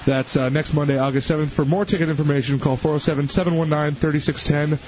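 A male radio host with a slightly high voice reads announcements and prods his co-hosts in a casual way. The broadcast sound is a bit dull and lo-fi. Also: steady tone, fast, a little mellow. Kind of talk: radio show hosting.

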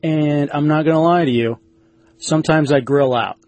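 A man's voice: a little high, normal speed, a little mellow, dry recording. A man hosting a talk radio show, joking crudely in casual banter and sometimes laughing at his own lines.

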